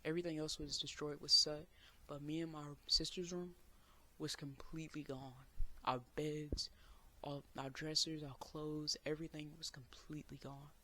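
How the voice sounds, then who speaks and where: Young man, slightly high voice, earnest storytelling, faint noise behind. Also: level tone, unhurried. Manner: earnest, emotional retelling with loud outbursts. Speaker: vlogger. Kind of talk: personal storytelling.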